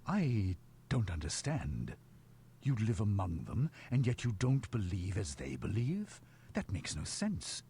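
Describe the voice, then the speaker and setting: Brief: wrathful dwarf monarch, deep, unhurried, commanding game voice. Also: male voice, wildly swooping pitch, warm tone, slight background noise, heavily acted. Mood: indignant. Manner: gravelly, commanding, suspicious. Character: proud, wrathful old dwarf king. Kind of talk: video game voice acting.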